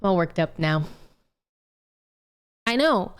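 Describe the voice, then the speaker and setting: Young woman streamer, smooth clear voice, blunt and sweary, scolds with a grin. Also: on the low side, lively intonation, takes it slowly. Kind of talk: casual chat with viewers.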